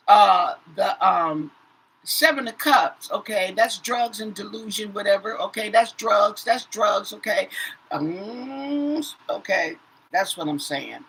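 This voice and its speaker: A woman's voice: mid-range voice, fairly bright tone, husky, low-quality recording. Chatty woman reading tarot cards. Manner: says "okay?" after nearly every phrase, repeats herself. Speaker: tarot reader. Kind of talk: casual tarot reading to viewers.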